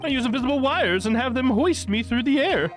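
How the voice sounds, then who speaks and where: A man's voice: very high voice, lively intonation, a little fast, faint music behind, voice pushed up. A man voicing a flamboyant, vain male stage magician in a game, haughty and theatrical. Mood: indignant. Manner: haughty, theatrical, dramatic outbursts.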